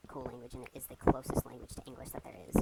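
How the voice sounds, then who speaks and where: A woman's voice: racing, very noisy. A sleep-deprived young woman rambling to herself as she gives casual gameplay commentary. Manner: rambling, talks to herself, restless. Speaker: gamer.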